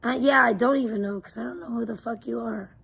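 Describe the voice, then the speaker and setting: A woman livestreaming, ranting in a profane, defensive way that swings between muttering and loud outbursts. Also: a little high, fast talker, gravelly, a little hiss or hum. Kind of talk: casual livestream rant.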